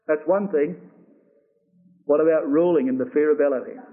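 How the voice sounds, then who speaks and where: Male preacher, high voice, earnest, asks questions, phone-thin audio. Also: sing-song. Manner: earnest, rhetorical questions, reads scripture slowly. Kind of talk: Bible exposition sermon. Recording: tinny phone-like lo-fi recording.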